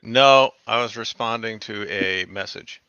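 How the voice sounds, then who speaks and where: A man's voice: lowish voice, a little slow, bright, forceful tone, smooth. A man off camera, dropping brief wry remarks into a live tool demonstration. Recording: dull lo-fi livestream audio.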